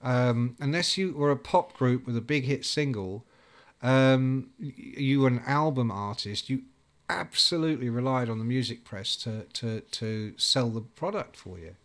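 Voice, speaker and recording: A man in a casual chat, telling animated stories and acting out other people's voices. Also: medium pitch, a little slow. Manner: animated storyteller who acts out quoted voices. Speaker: guest recalling music journalism days.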